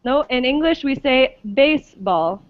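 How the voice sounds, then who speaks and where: Slow and patient, a woman with a slightly high voice teaches English pronunciation online and regularly makes sure her students understand. The sound is lo-fi, with no echo.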